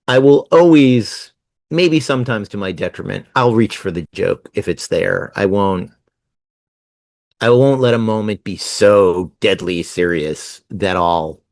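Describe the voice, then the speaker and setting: A man in his sixties from New Jersey, telling stories fast and animatedly as a guest in a casual interview. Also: lowish voice, gravelly, no echo. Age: 60s. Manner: fast-talking, animated storyteller. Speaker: guest writer.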